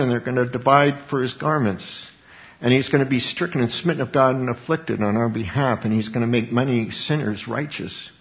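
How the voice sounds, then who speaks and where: A man's voice: mid-range voice, vocal fry. A man preaching a sermon, emphatic, with rhetorical questions and repeated words. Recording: dull lo-fi recording.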